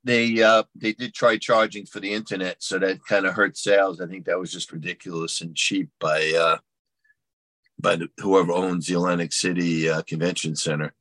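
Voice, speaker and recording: A man's voice: low voice, flat delivery, moderate pace, bright, forceful tone, no room sound. A man, a guest on an interview show, answering in a plainspoken, matter-of-fact way. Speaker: guest, card dealer. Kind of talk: casual interview chat.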